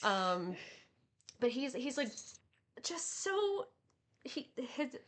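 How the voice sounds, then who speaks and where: A woman co-hosting a casual podcast, talking in a rambling, animated way with many fillers. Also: sits high, extremely slow. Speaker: podcast co-host. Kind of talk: casual anime chat.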